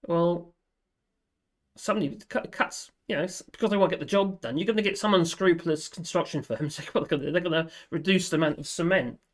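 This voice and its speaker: A man rambles through a relaxed live-stream chat, his voice pitched a little high. He laughs often, drifts from topic to topic and lets his sentences trail off as he reads viewer comments. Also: brisk. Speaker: livestream host.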